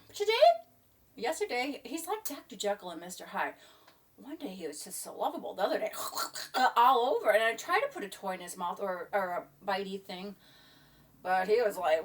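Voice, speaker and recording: A woman's voice: medium pitch, lively intonation, fairly quick, fairly bright tone, far from the mic. A middle-aged woman talks in a loose, rambling way from her home kitchen. Her voice sits a little back from the mic and keeps drifting into asides and half-finished thoughts. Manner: rambling, chatty, trails off. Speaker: vlogger. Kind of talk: casual chat.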